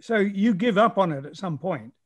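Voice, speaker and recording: Male guest, teacher type, high pitch, thoughtful and explanatory. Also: animated, normal speed. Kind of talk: casual explanatory conversation.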